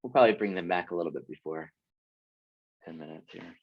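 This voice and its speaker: A man hosting an online meeting in a relaxed, halting way with fillers, heard over a video call. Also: sits low, breathy edge. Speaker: meeting host. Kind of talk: casual video-call chat. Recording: dull lo-fi call audio.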